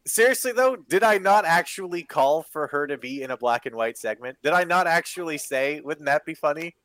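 A man's voice: on the high side, lively intonation, fairly quick, fairly bright tone. A man co-hosting a podcast, ranting in exasperated, sweary casual chat. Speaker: podcast co-host.

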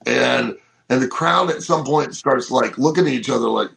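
A middle-aged man co-hosting a casual wrestling podcast, telling stories in an animated way and acting out what people said. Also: mid-range voice, moderate pace, gravelly, poor audio. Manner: animated storyteller, acts out quotes. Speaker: co-host.

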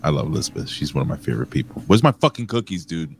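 A man co-hosting a casual podcast, joking loudly and giving shout-outs to viewers in the chat. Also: very deep voice, big pitch swings, rapid-fire, a little hiss or hum. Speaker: co-host.

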